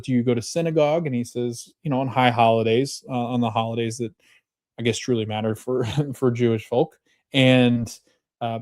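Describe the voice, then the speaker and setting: A man hosting a podcast, casually recapping a TV episode with many fillers, pauses and self-corrections. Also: medium pitch, darkish tone. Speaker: podcast host.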